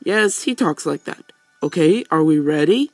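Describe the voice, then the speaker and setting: A man's voice: on the high side, lively intonation, a little slow, no room sound, soft background music. A man hosting a let's play, giving casual commentary and teasing the game's characters.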